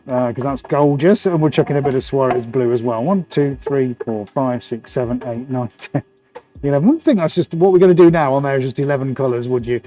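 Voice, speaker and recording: Working in his indoor art studio, a man livestreams his painting with casual, joking chatter and plenty of laughter. His mid-range voice is brisk and mellow, and the sound is lo-fi.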